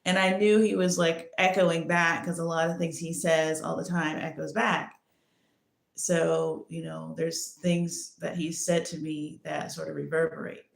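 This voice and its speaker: Woman host, lowish creaky voice, rambling casual storytelling, echoey room. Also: level tone, unhurried. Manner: rambling, many restarts and "like"s. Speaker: podcast host.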